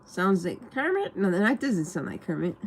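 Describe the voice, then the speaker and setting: A woman's voice: mid-range voice, sing-song, normal speed, slight background noise. A woman rambling casually on a livestream, answering questions from viewers.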